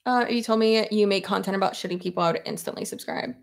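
A woman's voice: medium pitch, fast talker, gravelly. A woman in her thirties chatting casually at her desk while doing her hair, rambling and laughing often. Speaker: YouTuber. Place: home office at her desk.

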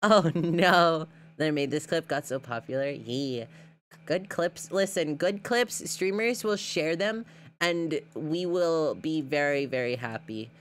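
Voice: medium pitch, measured pace, a little hiss or hum. A streamer reacting to clips in casual livestream chat, rambling and giggling with lots of fillers and repeated words.

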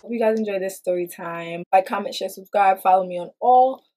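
A woman vlogger who tells a story in an animated, blunt way, with plenty of swearing. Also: mid-range voice, a little fast. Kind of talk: storytime vlog.

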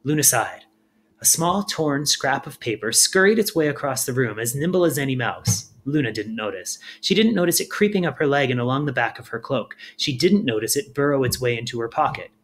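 A man reads a storybook aloud at a calm, steady pace. His delivery is measured and even. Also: mid-range voice. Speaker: audiobook reader. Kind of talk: storybook narration.

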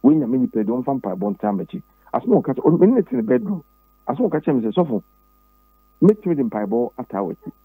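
A Ghanaian man with a husky voice talks politics with a preacher's insistence. He repeats himself and his voice jumps sharply higher on key points. The sound is dry and narrow, like a phone line. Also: big pitch swings, fast talker, no echo. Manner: emphatic and preachy, with sudden high pitch leaps and repeated words. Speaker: interview guest, pastor and former presidential candidate. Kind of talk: political interview, Twi mixed with English.

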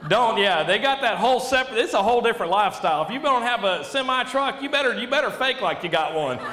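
High-voiced, high-energy stand-up comic. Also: male voice, expressive, fast. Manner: high-energy, rambling, chuckling often. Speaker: stand-up comedian. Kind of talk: stand-up comedy set. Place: live comedy club stage. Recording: echoey hall with audible noise.

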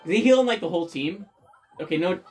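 An excitable let's play host commentates on the game, cheering loudly at every reunion and swearing freely. The voice sits at a middle pitch. Faint game music plays underneath. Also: fast. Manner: excitable, loud bursts of cheering, frequent swearing.

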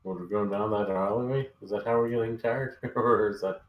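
A man chatting casually as a tabletop game player, thinking out loud and asking questions. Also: lowish voice, fairly even intonation, brisk, dull audio. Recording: echoey room.

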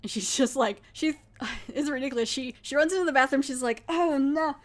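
A woman podcast host walks through a horror episode scene by scene in a relaxed, talkative voice. She laughs often and slips into mocking voices when quoting the characters. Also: high-pitched, brisk. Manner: chatty, laughing, acting out characters' lines in a mocking voice. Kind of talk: casual episode recap.

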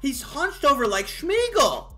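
A man commentating his own baseball video game, excitable and exasperated, shouting at his players. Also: very high-pitched, unhurried, soft background music. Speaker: gaming YouTuber. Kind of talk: live gameplay commentary.

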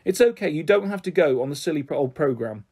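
A man reading the part of an excitable, affectionate young mother with an effusive, tender manner. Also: a little high, quick pace, slightly rough. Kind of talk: audiobook character voice.

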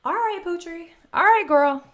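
A woman's voice: extremely high pitch, animated, moderate pace. A woman reacting to a music performance in a gushing, exclamatory way, talking over the song. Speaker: music reaction video host. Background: music playing.

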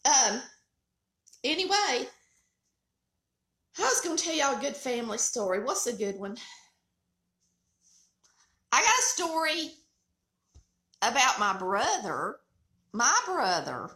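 Southern middle-aged woman, high lively voice, folksy storyteller, bright tone in an echoey kitchen. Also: a little slow, long pauses. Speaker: cooking channel host. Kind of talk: casual storytelling chat.

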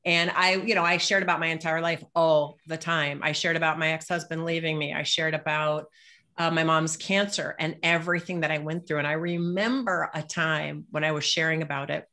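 A woman with a fairly low voice tells personal stories to a panel audience. She is blunt and humorous and swears without hesitation. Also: fairly even intonation, a little fast, sharp tone. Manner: frank, humorous, swears freely. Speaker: panel speaker. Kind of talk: candid personal storytelling.

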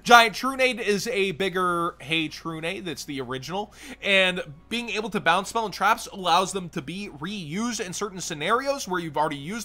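Bright-voiced man giving blunt verdicts. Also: high-pitched. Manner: quick blunt verdicts, dismissive. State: losing his voice. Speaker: card game channel host. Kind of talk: casual commentary.

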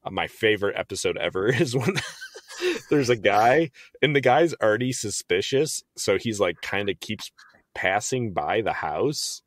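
A man in his thirties co-hosts a podcast in casual chat, his voice sitting fairly low and sounding close and dry. He tells stories with animation, speeding up in bursts and laughing as he goes. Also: animated, normal speed, a bit bright, no echo. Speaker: podcast co-host.

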